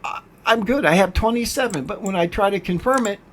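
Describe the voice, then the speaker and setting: An older man runs a gaming channel, commenting over screen capture as he plays, frustrated and ranting, often stumbling and restarting his words. His voice is high-pitched and a little fast.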